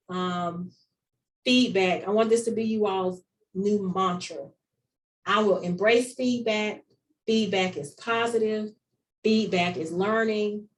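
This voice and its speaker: A woman's voice: mid-range voice, recorded from a distance, poor audio. A woman with a Southern US accent giving an online conference presentation, earnest and repeating key phrases for emphasis. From North Carolina. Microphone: video call.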